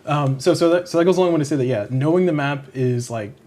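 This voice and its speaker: A man hosting a casual chat, throwing in quick, jokey interjections and eager questions. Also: a little high, warm tone. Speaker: host.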